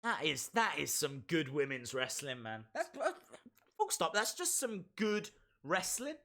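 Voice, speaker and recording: A man's voice: a little high, big pitch swings, a little slow, creaky, pushed and bright. A man hosting a casual live reaction stream of a wrestling show, playfully repeating phrases and reading out viewers' chat.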